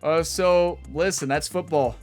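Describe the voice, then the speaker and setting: Rambly gaming youtuber guy, kinda high voice, laughs a lot, goes hyped then quiet, faint music behind him. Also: measured pace. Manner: rambling and chatty, laughs often, jumps between excited and subdued. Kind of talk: casual chat wrapping up a video series.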